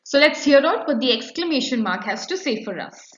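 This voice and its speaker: Lively woman teaching young children. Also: high voice, a little fast. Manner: lively, encouraging, often asks "right?". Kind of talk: online grammar lesson for children. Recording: echoey, slightly dull recording.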